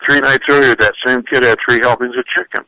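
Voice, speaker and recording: A man's voice: mid-range voice, brisk, clean tone, dry recording, low-quality recording. An older man, a psychologist and author, giving parenting advice in a folksy, joking radio interview. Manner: folksy, joking, animated storyteller. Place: radio studio.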